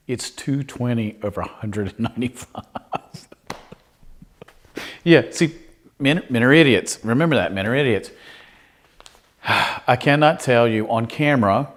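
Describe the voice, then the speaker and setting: A man's voice: lowish voice, animated, moderate pace, pauses often. A middle-aged man, a pastor, giving a humorous storytelling sermon full of self-mocking, chatty anecdotes.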